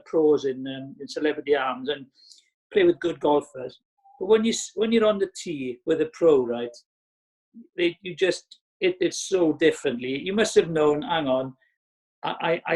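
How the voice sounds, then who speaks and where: A middle-aged Welsh man co-hosts a podcast in a rambling, excitable manner. His voice sits a touch high, and he restarts his sentences often. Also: low-quality recording. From Wales. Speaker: podcast co-host. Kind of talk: casual podcast chat.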